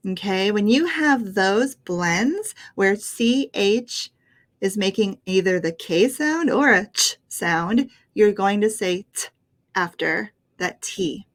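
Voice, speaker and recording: An American woman gives an online English lesson in a slow, unhurried way. She is patient and encouraging, breaking words down sound by sound. She is close to a webcam. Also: mid-range voice, lively intonation. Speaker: English pronunciation teacher.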